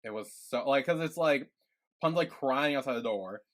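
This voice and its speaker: A man's voice: medium pitch, normal speed, a bit bright. A young man co-hosting a podcast, retelling scenes from a series in a loose, filler-heavy way. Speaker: podcast co-host. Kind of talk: casual recap chat.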